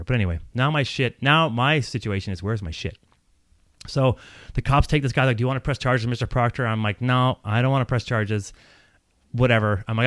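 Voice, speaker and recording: Fast-talking man telling a rambling story. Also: medium pitch, dry recording. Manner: profane, rambling, animated, laughs while telling. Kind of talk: casual storytelling.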